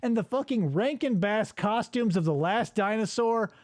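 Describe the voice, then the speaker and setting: Lively, animated man riffing on a podcast. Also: sits high, moderate pace, no echo, clean studio sound. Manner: animated, riffing, swears freely. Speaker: podcast host. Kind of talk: casual chat.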